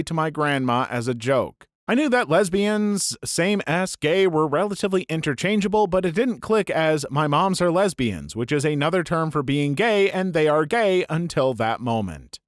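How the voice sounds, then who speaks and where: A man narrating a string of short internet stories in an animated, upbeat manner. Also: a little high, no echo, clean studio sound.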